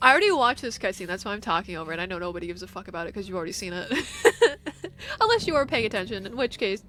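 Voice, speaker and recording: A woman's voice: mid-range voice, very animated, fast, fairly bright tone, a little hiss or hum. A young woman streaming a game, chatting casually with her viewers, giggly, teasing and swearing freely. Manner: giggly, profane, teasing toward chat. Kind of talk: casual chat over gameplay.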